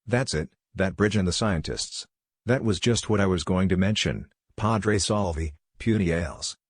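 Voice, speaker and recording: A man's voice: sits low, normal speed, husky, no room sound, studio quality. Padre Camorra, a man reading a blustering friar. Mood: excited. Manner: emphatic, blustering. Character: excitable friar, former artilleryman, blustering man.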